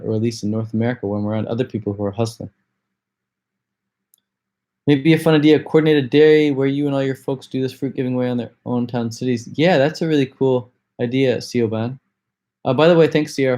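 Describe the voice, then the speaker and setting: A man's voice: mid-range voice, warm tone. A man hosting a casual livestream Q&A, talking in a laid-back, slangy, enthusiastic way. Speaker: livestream host.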